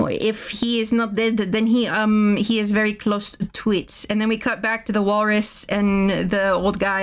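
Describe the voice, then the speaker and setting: Woman streamer, smooth clear voice, rambling swear-laden recap, chuckles at her own jokes. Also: mid-range voice. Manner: rambling, laughing at own jokes, frequent restarts, swears casually. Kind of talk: casual movie recap.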